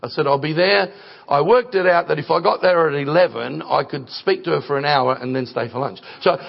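A man's voice: fairly high pitch, a little fast, gravelly, dull audio. A middle-aged man preaching a sermon, telling stories in a conversational way that builds to emphatic points. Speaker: guest preacher. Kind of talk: sermon with storytelling.

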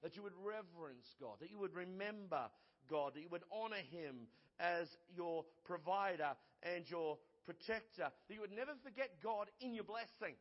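Male pastor preaching, high voice, emphatic repetition, muffled sound in a long-reverb hall. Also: animated, moderate pace. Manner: emphatic, repeats phrases for effect. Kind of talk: sermon.

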